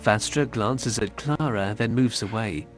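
A man narrating an audio description in a calm, neutral scripted reading over film score. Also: lowish voice, measured pace, soft background music.

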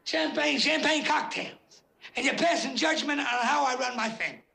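Gravelly, bright-toned old mob boss, drunk and ranting. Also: male voice, extremely high pitch, normal speed, full character voice. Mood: mocking. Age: older. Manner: blustering, ranting. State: a little drunk. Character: older drunk mob boss, belligerent and aggrieved. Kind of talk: film drama acting.

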